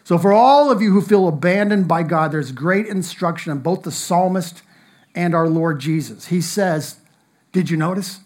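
Earnest higher-voiced male preacher. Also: moderate pace. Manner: earnest preaching with emphatic rises and soft drops. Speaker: pastor. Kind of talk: sermon.

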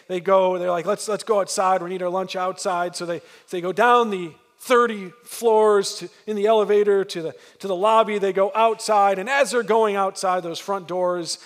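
Male pastor, higher voice, storytelling sermon, reverberant hall sound. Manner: storytelling, emphatic with repeated restarts.

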